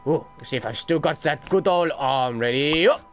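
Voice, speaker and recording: A man giving gaming commentary as he plays, swearing, laughing and shouting no over and over. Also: fairly high pitch, animated, normal speed. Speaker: let's play gamer. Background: game music.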